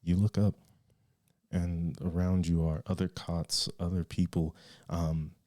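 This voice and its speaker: A man narrating as game master in a tabletop game, halting and restarting as he draws out his descriptions. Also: low voice, little pitch movement, dark tone. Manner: halting, with many fillers and restarts, drawn-out descriptions.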